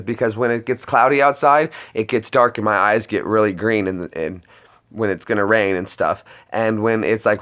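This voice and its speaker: A man's voice: lowish voice, fairly bright tone, clear, resonant tone. A man chatting casually to viewers on a live stream, rambling with lots of restarts.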